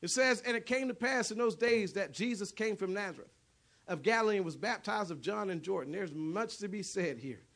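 A man pastor preaching a sermon, reading scripture aloud with loud, emphatic bursts between quieter asides. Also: high voice, expressive, fairly quick.

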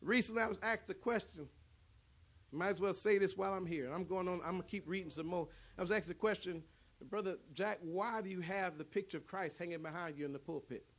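A man pastor preaching a sermon, reading scripture aloud with loud, emphatic bursts between quieter asides. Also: high-pitched, fairly quick.

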